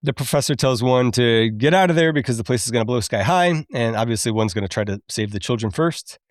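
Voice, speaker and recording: A man in his thirties hosting a podcast, chatty and quick to laugh as he recaps a film and admits it moves him. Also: mid-range voice, expressive, dry recording, studio quality. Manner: chatty, laughs often, openly emotional. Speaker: podcast host.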